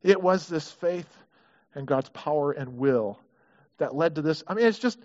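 A man's voice: on the high side, animated, normal speed, a little mellow, dull audio. A man preaching a sermon in a conversational way, often acting out the people in the story and repeating words as he restarts. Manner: conversational, acts out quoted prayers, frequent restarts. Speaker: pastor.

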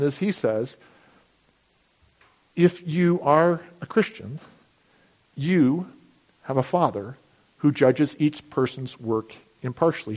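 A man's voice: on the high side, darkish tone, highs cut off. A man preaching a sermon in a conversational manner, explaining with everyday illustrations. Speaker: pastor.

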